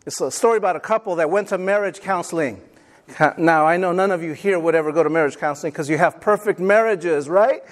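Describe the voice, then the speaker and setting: A man's voice: sits high, fairly quick. A middle-aged male pastor preaching a sermon, telling stories and calling the congregation to answer amen. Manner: calls for amens, tells stories.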